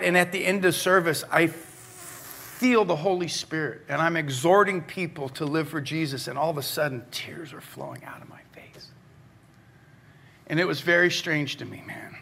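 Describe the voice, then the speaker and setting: A middle-aged male pastor preaching a sermon, telling stories in a conversational way that moves from animated to hushed. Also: high voice.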